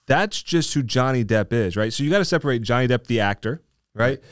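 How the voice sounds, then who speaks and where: Smooth-voiced lawyer man, chatty. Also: medium pitch, lively intonation, a little fast, dry recording, clean studio sound. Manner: talkative, explains with frequent "right?". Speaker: trial lawyer. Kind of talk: casual discussion.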